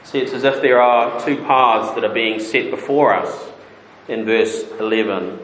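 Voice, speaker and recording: A man's voice: mid-range voice, unhurried, a bit bright, reverberant, a little hiss or hum, poor audio. A male preacher giving a sermon, explaining a point plainly and then building to rising, insistent rhetorical questions.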